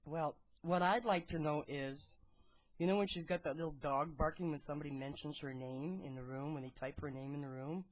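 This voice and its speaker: A woman's voice: deep voice, fairly quick. A woman in a voice chat room, blunt and accusing, swearing as she questions another speaker. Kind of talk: heated voice chat.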